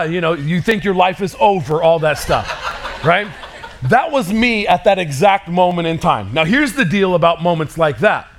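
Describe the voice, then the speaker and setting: A male pastor in his thirties delivers a sermon with a slightly high voice. He tells stories in an animated way, with mock screams and quick asides.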